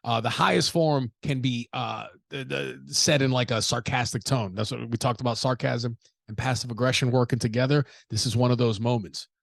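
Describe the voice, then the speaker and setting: A man's voice: mid-range voice, moderate pace, vocal fry, dry recording, studio quality. A man hosting a solo podcast, talking bluntly and casually with plenty of swearing and acted-out quotes. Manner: blunt, profane, animated asides with acted-out quotes. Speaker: podcast host.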